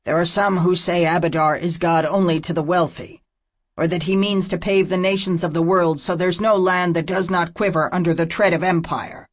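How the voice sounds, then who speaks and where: A woman reading the lines of a stern half-orc warrior in an audiobook, speaking in forceful, commanding proclamations. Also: on the low side, fairly even intonation, normal speed, natural voice.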